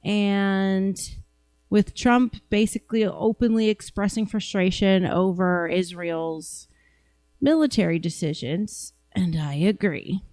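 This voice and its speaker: Blunt sarcastic woman host, slow, dry close sound. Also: medium pitch, darkish tone, no echo. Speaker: podcast host. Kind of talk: commentary on news clips.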